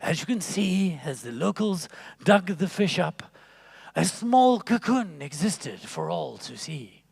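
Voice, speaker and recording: A man doing a hushed old nature documentary narrator. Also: high-pitched, big pitch swings, gravelly, slightly rough, clean studio sound, full character voice. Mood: hushed reverent. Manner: slow, reverent, hushed narration. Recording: long reverb of a large hall.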